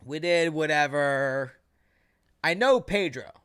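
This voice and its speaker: A young man co-hosting a podcast, telling stories in an animated way and swearing freely. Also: a little high, takes it slowly, clean tone. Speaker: podcast co-host and fighter. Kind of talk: casual chat, telling a story.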